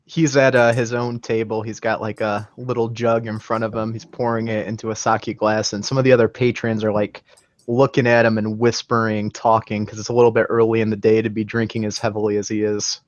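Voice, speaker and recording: Low-voiced man, dull dry sound. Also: level tone, fairly quick, dry recording. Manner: describes actions, then speaks in character. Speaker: player. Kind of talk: in-character tabletop role-play.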